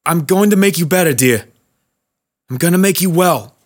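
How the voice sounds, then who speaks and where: A man voicing a confused, tearful elderly war veteran in a spoken story, halting and raised in pitch. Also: lively intonation. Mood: pleading.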